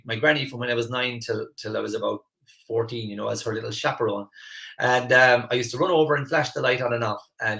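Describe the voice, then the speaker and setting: A man hosting a live online masterclass as a mentor, earnest and animated, often repeating words as he starts a phrase. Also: medium pitch. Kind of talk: live online coaching class.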